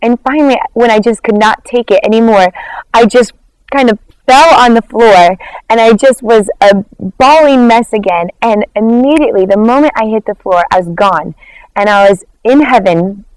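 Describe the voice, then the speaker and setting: A worship leader tells a personal testimony in an interview, animated and acting out quoted dialogue, with lots of "like" fillers. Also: female voice, a little high, moderate pace, clear, resonant tone, no room sound, low-quality recording. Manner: frequent "like" fillers.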